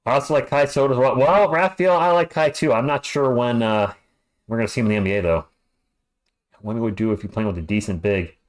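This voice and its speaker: A man's voice: medium pitch, quick pace. A man calling a basketball game live as a fan commentator, chatting and ranting between plays. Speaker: play-by-play commentator.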